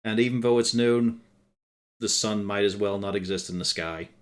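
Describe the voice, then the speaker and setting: A man's voice: fairly low pitch, fairly even intonation, normal speed. Wry, swearing male game master. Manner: dry, wry narration laced with profanity. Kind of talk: narrating a tabletop game on a live stream.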